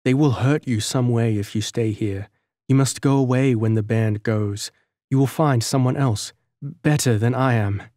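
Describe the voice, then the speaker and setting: A man gives a lightly raised voice to a gentle young village girl from a storybook, shunned and sorrowful, who speaks softly and earnestly. The recording is dry and close, with no room sound. Her wistful lines move along at a middling pitch. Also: unhurried, no room sound, close to an everyday voice. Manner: soft, earnest and wistful delivery. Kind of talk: audiobook character reading.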